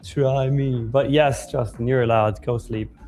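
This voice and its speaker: A man's voice: mid-range voice, steady tone, unhurried, over music. A man co-hosting a live stream, joking around, laughing and reading the chat aloud. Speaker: livestream co-host.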